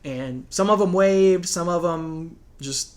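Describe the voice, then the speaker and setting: A man's voice: high-pitched, slow. A man, co-hosting a podcast and telling stories casually, often breaking into laughter. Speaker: podcast co-host. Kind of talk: casual storytelling chat.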